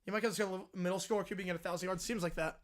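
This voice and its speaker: A young man streaming live play-by-play and reaction, yelling at the game on screen and chatting with viewers in between. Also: high-pitched, racing. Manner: excitable, yells at the screen, then chats with viewers.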